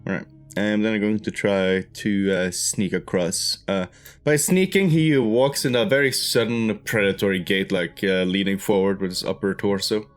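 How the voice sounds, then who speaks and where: A man playing a tabletop role-playing game, describing his character's actions deliberately. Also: on the low side, fairly even intonation, soft background music. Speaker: player.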